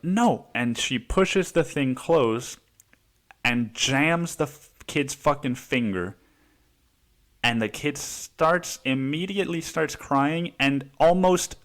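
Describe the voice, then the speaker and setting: A man of middle pitch hosts a podcast and tells a story in a loose, heated monologue. He swears freely and keeps saying "dude" as he goes. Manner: profane, heated, says "dude" often. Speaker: podcast host.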